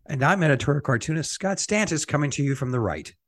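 A man's voice: a little high, lively intonation, quick pace, a bit bright, dry recording, studio quality. A man co-hosting a political discussion podcast who drops wry, sarcastic asides into the conversation. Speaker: podcast co-host, editorial cartoonist.

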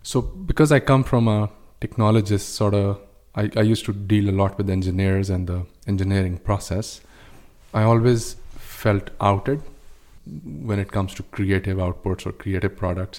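Low mellow-voiced man telling a story. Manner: storytelling, with "uh" fillers and restarts. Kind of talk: casual discussion.

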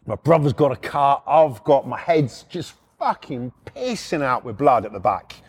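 A middle-aged man with a British accent, telling a rough anecdote in blunt, heavily profane casual speech. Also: mid-range voice, big pitch swings, normal speed. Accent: British English. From United Kingdom. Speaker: storyteller.

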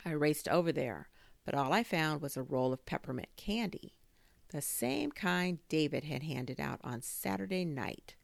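A woman narrating a children's chapter book aloud in an expressive storytelling manner. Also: deep voice, a little slow, creaky, dry recording. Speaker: audiobook narrator.

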